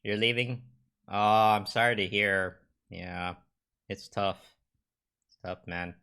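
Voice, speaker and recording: Man, low voice, bright tone, rambling casual livestream chat, halting. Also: fairly even intonation, clear, resonant tone. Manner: rambling, halting, lots of fillers. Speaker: livestream host. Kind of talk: casual chat with live viewers.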